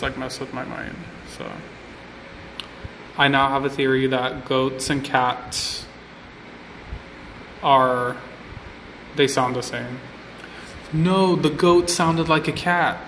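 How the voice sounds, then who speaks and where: A man's voice: mid-range voice, a bit bright, a little hiss or hum. Chatty young man on a roomy phone live stream. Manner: chatty, rambling, repeats himself with lots of likes. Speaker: vlogger on an Instagram live stream. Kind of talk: casual live-stream chat. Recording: roomy phone audio with a long reverb tail.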